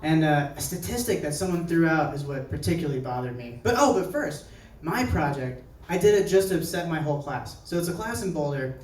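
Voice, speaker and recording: A man's voice: a little high, lively intonation, brisk, few pauses, darkish tone, far from the mic. A young man from New Jersey performing a stand-up set at a live show, telling stories in a chatty, conversational way and acting out the people he quotes. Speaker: stand-up comedian. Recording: echoey venue heard from afar.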